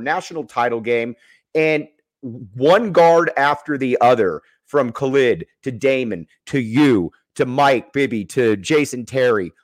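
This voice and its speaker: A man's voice: medium pitch, no echo, clean studio sound. A man hosting a sports podcast, talking enthusiastically and rambling a little as he sets up his questions. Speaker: podcast host.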